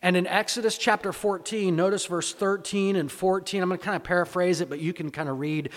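Male pastor, conversational sermon, fairly high voice, long hall reverb. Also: fairly even intonation, fairly quick. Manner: conversational, repeats words, rhetorical questions. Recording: echoey hall.

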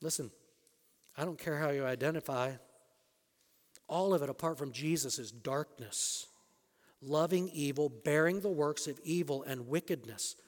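A man preaching a sermon as a pastor, emphatic, rising to loud peaks and dropping low again. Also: moderate pace, long pauses. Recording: long reverb of a large hall.

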